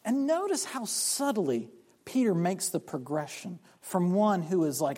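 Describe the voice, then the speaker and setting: Animated preacher man from South Carolina. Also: high voice, a little slow. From South Carolina, USA. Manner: animated, acts out the quoted speakers, repeats words when restarting. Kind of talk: sermon on a Bible passage.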